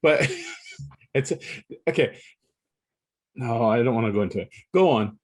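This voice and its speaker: A man in casual podcast chat, co-hosting. He rambles with frequent restarts and keeps an ordinary middle pitch. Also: animated, measured pace. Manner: rambling, restarts often, laughs between points. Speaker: podcast co-host.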